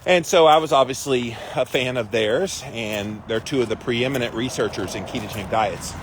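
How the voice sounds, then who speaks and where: A man's voice: medium pitch, moderate pace, slight background noise. Chatty man telling a story on a livestream. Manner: chatty, animated retelling of an anecdote. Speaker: host.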